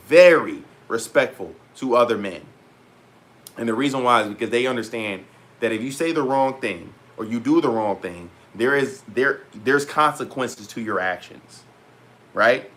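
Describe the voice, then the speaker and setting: A young man vlogging in a casual, animated rant to his viewers, full of slang and repeated asides. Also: mid-range voice, normal speed. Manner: animated, heavy slang, repeats "bro" and "petty". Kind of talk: casual storytelling rant to camera.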